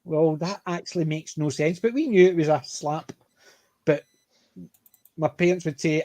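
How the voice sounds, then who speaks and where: A middle-aged Glaswegian man hosts a casual panel chat, spinning anecdotes in a lively way. His voice sits fairly high, and the recording is dry and close with no room sound. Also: moderate pace, no echo. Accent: Glaswegian Scottish. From Scotland, Glasgow area. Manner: chatty, anecdotal, animated. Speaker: panel host.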